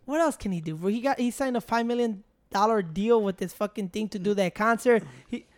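A woman's voice: medium pitch, brisk, a little mellow. A woman chatting casually on a podcast, blunt and slangy, swearing freely. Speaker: podcast co-host. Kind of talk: casual chat.

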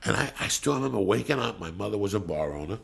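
Gravelly, lively Spanish-native man. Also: lowish voice, fast talker. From Cuba. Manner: profane, animated storyteller. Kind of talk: casual chat, storytelling.

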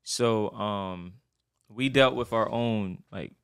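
Male co-host of Haitian family, earnest and persuasive, lowish voice, dry close sound. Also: takes it slowly, fairly bright tone, smooth, no echo. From Haitian family, raised in America. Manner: earnest, persuasive, addresses listener as bro. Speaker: podcast co-host. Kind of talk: casual chat.

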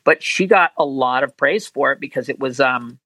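A man being interviewed as a voice actor, telling animated anecdotes and acting out quotes in higher voices. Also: normal speed, no echo, poor audio. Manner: animated storyteller, acts out quotes in high voices. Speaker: voice actor guest.

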